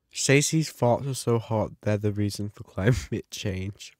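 Excitable man chatting over gameplay. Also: lowish voice, slow pace, no echo. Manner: chatty, excitable, gasps and yelps at the game. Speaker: gaming YouTuber. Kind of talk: casual gameplay commentary.

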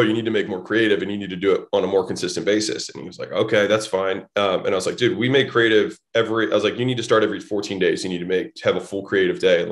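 A man's voice: fairly low pitch, fairly bright tone. A man guest on a podcast telling blunt, casual stories, swearing freely and acting out both sides of conversations. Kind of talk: casual storytelling.

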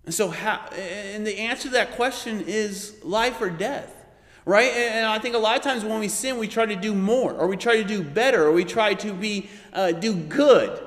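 Man, Bible study teacher, lively, keeps asking "right?", fairly high voice, long echo. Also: normal speed. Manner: animated, acts out quoted voices, frequent "right?".

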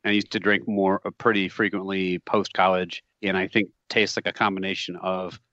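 A man's voice: deep voice, level tone, normal speed, sharp tone, dry recording, highs cut off. A man co-hosting a casual podcast, joking crudely and laughing often. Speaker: podcast co-host. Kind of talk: casual chat.

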